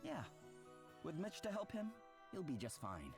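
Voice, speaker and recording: An actor playing a modest, easygoing adventurer in a game. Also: male voice, a little high, wildly swooping pitch, a little slow, vocal fry, full character voice. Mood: kind. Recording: game audio under music.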